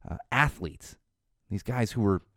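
A man's voice: lowish voice, animated, measured pace, fairly bright tone, dry recording, studio quality. A man hosting a casual solo podcast, rambling with a wry tone and restarting his sentences often. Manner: rambling, wry, repeats words while restarting. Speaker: podcast host.

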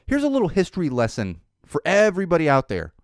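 A man's voice: on the high side, wildly swooping pitch, quick pace, no room sound, clean studio sound. A man hosting a podcast, ranting sarcastically in a casual opinion monologue, with restarts and laughs. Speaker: podcast host.

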